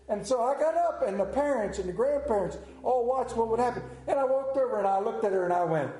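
High-voiced man preaching in an echoey room. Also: a little fast, few pauses. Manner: lively, acts out quoted voices. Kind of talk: sermon storytelling.

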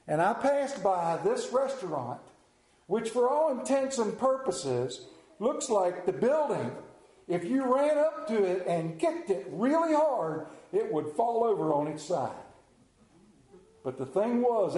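A man telling a folksy story with a dramatic, drawn-out delivery and slowed emphasis. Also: high voice, darkish tone. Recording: roomy echo.

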